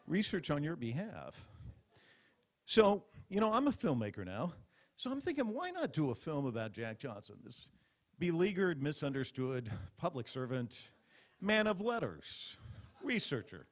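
Man doing stand-up on stage, fairly high voice, theatrical storyteller. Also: a little slow. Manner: animated, mock-dramatic storytelling. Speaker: comedian at a press club roast. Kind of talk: stand-up comedy. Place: stage before a live audience.

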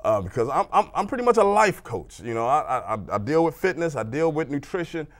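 Halting, earnest male life coach. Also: fairly high pitch, very animated. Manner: halting, repeats words, then lands firm lines. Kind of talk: motivational studio chat. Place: local TV studio.

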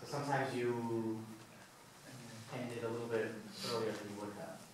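A man teaching a salsa class, counting steps out loud and talking through each move in a loose, easygoing way. He is picked up from far off by a camera, with a big echo filling the studio. A faint hum of the room sits behind him. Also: mid-range voice, steady tone, moderate pace. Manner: counts steps aloud while demonstrating, loose and casual. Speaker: salsa dance instructor. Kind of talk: counting beats and explaining moves in a class. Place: dance studio, indoors. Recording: echoey studio from a distant camera.

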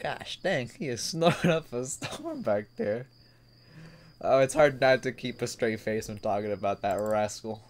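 Chuckling and laid-back, a gaming video host chats with his viewers while playing a dating sim and reading through the visual novel. His medium-pitched voice is animated but unhurried, typical of casual let's-play commentary.

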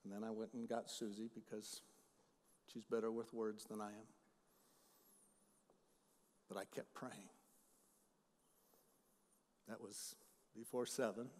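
A middle-aged male pastor preaching a sermon, shifting between loud emphatic lines and quiet storytelling. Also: on the low side, level tone, takes it slowly, pauses often. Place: church sanctuary. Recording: long hall reverb.

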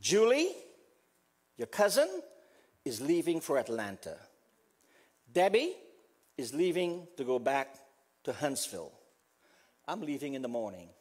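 A man's voice: fairly high pitch, huge pitch swings, measured pace, long pauses, a little mellow, husky. An older man with a Southern US accent preaching a funeral sermon, with dramatic swings in his delivery. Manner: preaching with dramatic swings, acting out quoted voices. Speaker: pastor.

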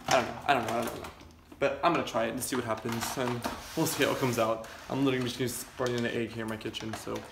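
Young dude vlogging at home, rambly and gravelly, echoey kitchen with noise. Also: male voice, medium pitch. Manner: rambling, chatty, self-deprecating. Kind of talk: casual vlog chat.

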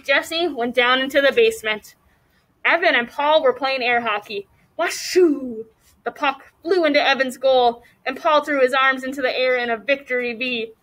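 A woman teacher reading a chapter book aloud to a class, expressively, pausing to ask the class questions. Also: high-pitched, a bit bright, low-quality recording.

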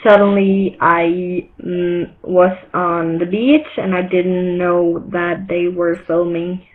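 A woman's voice: lowish voice, little pitch movement, takes it slowly. A woman telling a story hesitantly over a video chat. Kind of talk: casual anecdote. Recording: tinny video-call audio, faint hiss.

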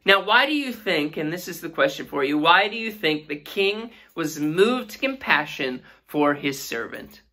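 Woman, Sunday school teacher, earnest sermon, asks questions, bright voice. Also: deep voice, animated, normal speed, few pauses. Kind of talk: Bible lesson sermon.

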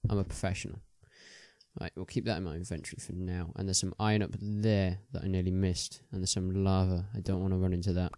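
Young man, low voice, dry close sound, rambling game commentary. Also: level tone, fast, dark tone, dry recording. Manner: rambling, chatty, many ums and restarts. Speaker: gaming video host.

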